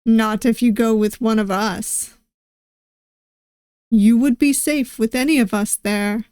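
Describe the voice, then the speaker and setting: A man's voice: sits high, fairly even intonation, slow, darkish tone, clear, resonant tone, no room sound, studio quality. A woman voicing an easygoing male pirate who reassures a newcomer. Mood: reassuring.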